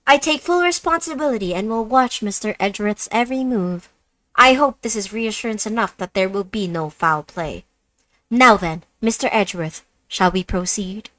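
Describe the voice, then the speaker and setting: A woman's voice: medium pitch, moderate pace, a bit bright, pitched above the performer's own voice, lightly acted. A woman voicing a strict, formal female flight attendant who gives firm orders. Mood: stern. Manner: crisp, commanding, formal.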